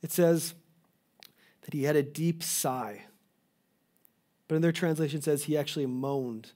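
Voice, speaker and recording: Earnest male pastor, mellow voice. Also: a little high, a little slow. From Canada. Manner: earnest, restarts mid-phrase, pleading emphasis. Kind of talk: sermon.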